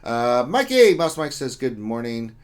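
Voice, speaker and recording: A man runs a casual livestream, a little slow but very animated in his mid-range voice. He reads chat names and greetings out loud, keeping things jokey and loose.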